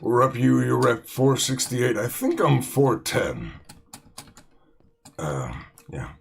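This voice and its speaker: A man's voice: medium pitch, big pitch swings, takes it slowly, gravelly, a little hiss or hum. A man hosting a game let's play, chatting casually in a rambling way full of fillers and restarts. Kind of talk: casual gaming commentary.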